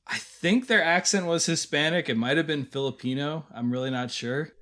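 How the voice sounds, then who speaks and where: This male co-host's voice is on the high side, pushed and bright, at normal speed. Chatting casually about reviews on a podcast, he retells scenes and laughs a lot.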